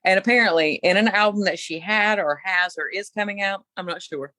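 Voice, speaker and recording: A middle-aged woman co-hosting a podcast, telling a story in an animated, opinionated casual chat. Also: medium pitch, brisk, no echo. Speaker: podcast co-host.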